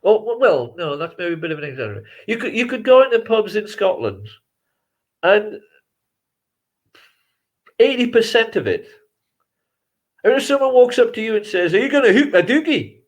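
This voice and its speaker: Bloke, slightly high voice, chatty, laughs a lot, keeps restarting sentences. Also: male voice, very animated, normal speed, long pauses. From England. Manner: reflective, rambling, chuckles often, many restarts. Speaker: documentary filmmaker guest. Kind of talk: conversational interview answers.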